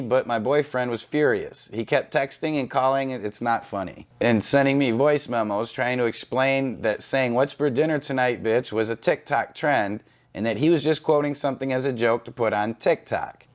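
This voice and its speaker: A man reads forum posts aloud in a casual commentary voice and keeps breaking off to react. He is blunt and swears freely. His voice sits at an ordinary middle pitch for a man. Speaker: online reaction video host.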